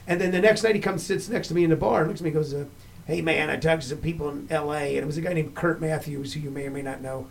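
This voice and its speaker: Slightly high-voiced storytelling man. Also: racing, gravelly, slight background noise. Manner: animated storyteller, acts out the people he quotes. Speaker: podcast host. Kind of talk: casual chat.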